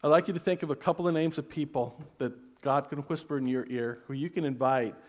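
A male pastor preaching a sermon, telling a personal story in an earnest voice that often drops to soft, hushed tones. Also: on the high side, a little fast.

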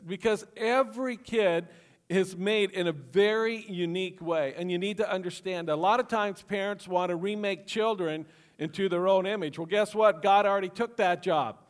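High-voiced man preaching a sermon. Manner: conversational preaching with jokes and questions to the congregation; repeats key phrases for emphasis. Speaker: pastor.

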